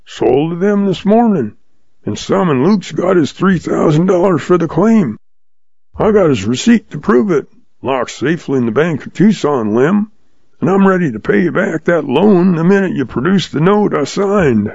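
A man's voice: fairly high pitch, animated, moderate pace, gravelly, a little mellow, breathy edge, no echo, voice pushed up, exaggerated voice. A man doing a sly, drawling old outlaw. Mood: calm, sly. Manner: patient, drawling, folksy. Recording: dull lo-fi sound.

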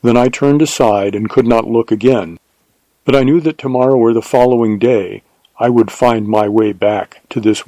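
A man reading a first-person adventure story aloud in a measured, unhurried way. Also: medium pitch, dark tone, dry recording, rough recording. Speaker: narrator. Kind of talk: scripted audiobook narration.

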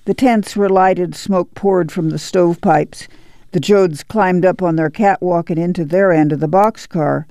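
A dark, gravelly voice narrates a novel in an unhurried storytelling read. The sound is dry and close, with no room around it, and the dialogue slips into rural dialect. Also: mid-range voice, steady tone, no echo.

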